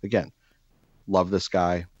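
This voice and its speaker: Low-voiced male storyteller, comic and self-deprecating, quick to act out other people's lines; dull, dry recording. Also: level tone, darkish tone, no echo. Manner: rambling, self-deprecating, jumps into exaggerated quoted voices.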